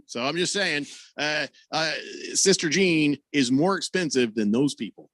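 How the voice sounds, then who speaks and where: A man's voice: on the high side, expressive, measured pace, a bit bright, no room sound. A man hosting a sports radio show, rambling and joking in casual studio banter. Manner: rambling, filler-heavy, joking.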